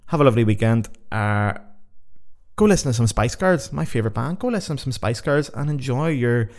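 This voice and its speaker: A man's voice: mid-range voice, animated, brisk, darkish tone. A young Irish man hosting his own podcast, talking casually and rambling, swearing freely. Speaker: podcast host. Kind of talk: casual solo podcast chat.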